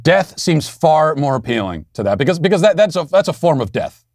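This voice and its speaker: A man's voice: fairly high pitch, big pitch swings, fairly quick, a little mellow, no echo, clean studio sound. Defiant, sarcastic male commentary host. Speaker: podcast host. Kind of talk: opinion commentary monologue.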